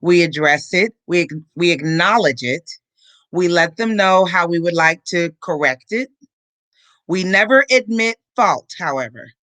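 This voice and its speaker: A man's voice: high-pitched, measured pace, no echo. A man co-presenting, explaining a customer service process step by step. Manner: steady explanatory, lists steps. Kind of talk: business explanation.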